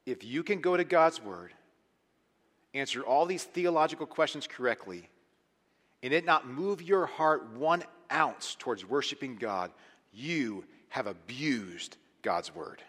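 Man, pastor, sermon, lively pitch, long hall echo. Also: measured pace. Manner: animated preaching, swinging from hushed to loud and emphatic.

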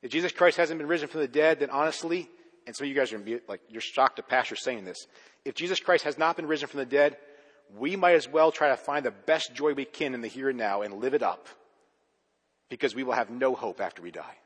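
A man preaching a sermon as pastor, pressing hard on key words and then dropping low and quiet at the ends of his points. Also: quick pace, breathy edge, big-room sound. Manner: emphatic, swinging between loud urgent stresses and low quiet endings.

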